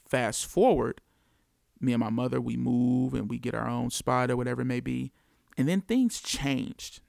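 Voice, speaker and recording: A man's voice: medium pitch, moderate pace, creaky, darkish tone, no room sound, studio quality. A man from the United States telling his story as a father in an earnest, reflective monologue, repeating key phrases for emphasis.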